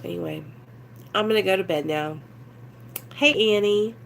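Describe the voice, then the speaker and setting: A woman's voice: medium pitch, moderate pace, creaky, fairly bright tone, a little hiss or hum. A young woman, vlogging candidly in a rambling, earnest way that leans heavily on fillers. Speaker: recovery vlogger. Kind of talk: candid confessional vlog.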